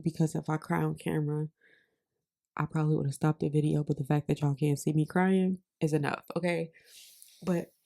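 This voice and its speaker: A young woman hosting a podcast, her voice low and dark with a gravelly edge. She sounds nasal and on the verge of tears as she reads old journal entries. Her affirmations come out slow and prayer-like. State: teary, on the verge of crying. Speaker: podcast host and beauty creator. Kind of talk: reading old journal entries aloud, emotional chat.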